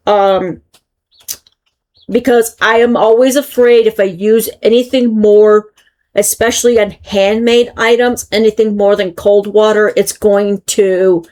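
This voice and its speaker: A woman's voice: mid-range voice, darkish tone. An American woman hosting her own crochet channel, casually chatting through a yarn review and thinking aloud as she goes. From United States. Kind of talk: casual product review chat.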